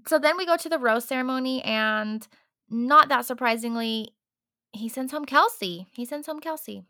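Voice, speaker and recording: A woman co-hosting a casual chat, animated and exasperated, laughing often as she recaps a show. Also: high-pitched, moderate pace, no room sound, clean studio sound. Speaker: podcast co-host.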